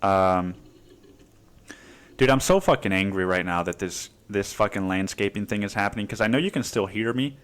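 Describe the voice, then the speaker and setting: A man's voice: lowish voice, normal speed, fairly bright tone. A man hosting a casual solo podcast, rambling in a stream of consciousness and swearing constantly. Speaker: podcast host.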